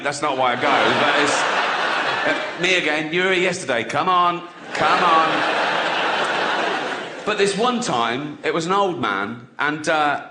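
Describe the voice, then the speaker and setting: A man's voice: on the high side, echoey room, very noisy. A man, performing a crude stand-up routine and laughing through his own punchlines. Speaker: stand-up comedian.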